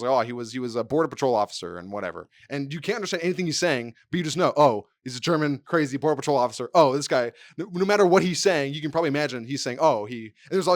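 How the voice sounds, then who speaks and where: A man's voice: mid-range voice, no echo, clean studio sound. A man co-hosting a podcast in casual chat, rambling and swearing as he acts out quotes. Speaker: podcast co-host.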